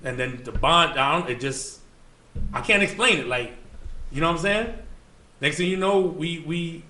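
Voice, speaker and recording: A man's voice: on the high side, animated, moderate pace, bright, forceful tone. A man from the Bronx with a New York accent, a guest telling loose, slangy stories with many fillers. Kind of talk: casual storytelling interview. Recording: echoey room with faint ambient noise.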